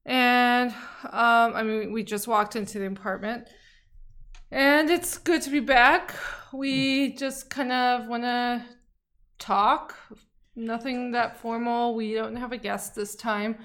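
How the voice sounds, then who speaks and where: A woman's voice: on the high side, fairly even intonation, takes it slowly, fairly bright tone. A woman from Saudi America co-hosting a podcast in an earnest, chatty way. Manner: earnest, supportive, chatty with fillers. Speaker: podcast co-host. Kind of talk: casual chat.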